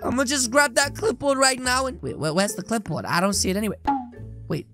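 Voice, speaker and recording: A woman hosting game role-play commentary in a dramatic, excitable way, talking straight to her viewers. Her voice sits high. Music plays underneath throughout. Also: fast. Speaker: host.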